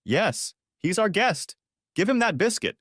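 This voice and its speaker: A man's voice: on the high side, big pitch swings, moderate pace, a bit bright, no echo, studio quality, pitched above the performer's own voice. A man voicing a bossy middle-aged mother who orders her husband around.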